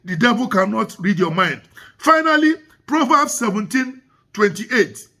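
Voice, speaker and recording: A man's voice: high-pitched, big pitch swings, a little slow, sharp tone. A man preaching a sermon in church, emphatic and repeating his key lines.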